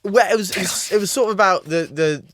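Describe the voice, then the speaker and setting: A man's voice: high-pitched, fast, fairly bright tone, dry recording. Joking male podcast co-host. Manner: laughing, stumbling restarts, joking. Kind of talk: casual chat.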